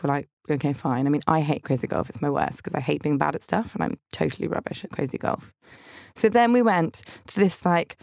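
A young woman hosts a podcast, delivering a chatty, bubbly and self-deprecating comic monologue about her week. Her lowish voice is creaky and a little mellow, recorded dry at studio quality.

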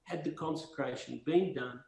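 A man's voice: mid-range voice, normal speed, creaky, darkish tone. A man as a podcast guest, telling rambling, impassioned stories in conversation. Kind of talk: storytelling conversation. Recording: roomy echo.

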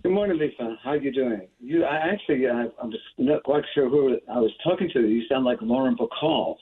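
Male phone-in expert, mid-pitched, tinny line, explains plainly. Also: brisk, breathy edge. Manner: explanatory, with frequent fillers and restarts. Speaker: Medicare specialist guest. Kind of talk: radio interview by phone.

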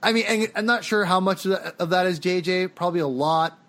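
A man's voice: sits high, brisk, fairly bright tone. A man co-hosting a casual film podcast, rambling and opinionated, often restarting his sentences. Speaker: podcast co-host. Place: home, dog heard drinking behind him.

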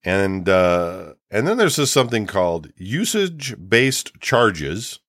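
Podcast guy ranting, low voice jumping all over, dry close mic. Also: slow pace, dry recording. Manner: ranting, animated, swears freely. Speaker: podcast co-host. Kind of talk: casual chat.

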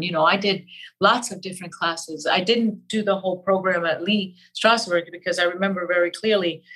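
An older woman from Cuba, an actress guest in an interview, talking in an animated, emphatic way and repeating key phrases. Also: on the low side, breathy edge, low-quality recording. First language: Spanish. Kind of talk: interview conversation.

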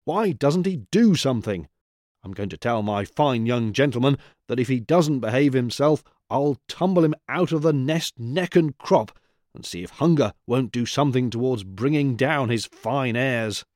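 An impatient old father squirrel from a storybook, out of patience with his idle son, put on by a male reader. He snaps and blusters, louder than the narration. The recording is dry and close. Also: mid-range voice, animated, normal speed, no room sound, natural voice. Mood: gruff. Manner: snapping, blustering.

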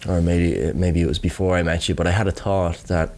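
A man with a Dublin accent, co-hosting a pub review podcast in relaxed, rambling chat. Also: low-pitched, brisk, a little hiss or hum. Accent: Irish, Dublin. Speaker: podcast co-host. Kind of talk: casual chat.

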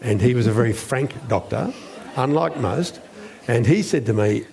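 Gravelly man telling a story. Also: medium pitch, animated, a little mellow. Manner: measured, deliberate storyteller. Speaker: guest, former newspaper journalist. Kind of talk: storytelling interview.

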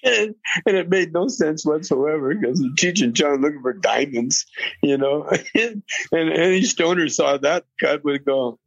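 A man's voice: fairly high pitch, animated, unhurried, creaky, no room sound, lo-fi sound. A man in his eighties from Canada, telling rambling, laughing stories as a guest on an interview show. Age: 80s. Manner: rambling, laughing, with many restarts. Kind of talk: casual storytelling interview.

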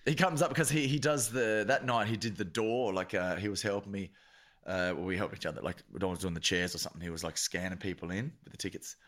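A man co-hosting a podcast in casual chat, animated and joking, laughing often. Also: deep voice, quick pace. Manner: animated, laughs a lot, plays with words. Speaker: podcast co-host.

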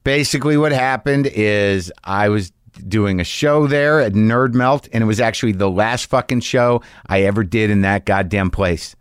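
A man's voice: fairly low pitch, normal speed, clear, resonant tone, no room sound, studio quality. A middle-aged man delivering a rambling, profane, self-deprecating monologue as a podcast host. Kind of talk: casual monologue.

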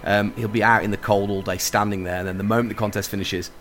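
A man's voice: lowish voice, fairly even intonation, fast talker, a bit bright, slight background noise. Jokey man co-host, laughing often. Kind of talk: casual podcast chat.

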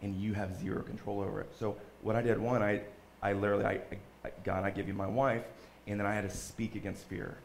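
A man, a guest on an interview show, giving an earnest, halting personal testimony. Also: fairly low pitch, flat delivery, creaky, a little hiss or hum. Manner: earnest, halting, repeats himself.

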